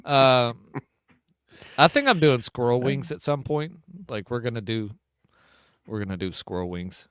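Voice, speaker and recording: A man's voice: medium pitch, expressive, measured pace, pauses often, fairly bright tone, smooth, no room sound. A middle-aged man hosting a casual hunting podcast, rambling and often breaking off to restart his thoughts. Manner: rambling, self-interrupting. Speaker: podcast host. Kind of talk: casual chat.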